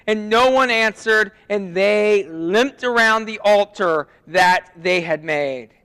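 A man preaching a sermon as pastor, dramatic, dropping to a hush and rising loud as he reads scripture. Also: high-pitched, clean tone. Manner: dramatic, swings from hushed to loud when reading scripture. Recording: long reverb of a hall.

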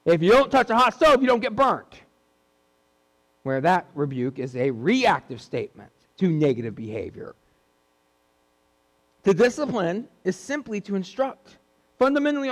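A man's voice: high-pitched, big-room sound. A man preaching a sermon in an earnest way, repeating key points for emphasis.

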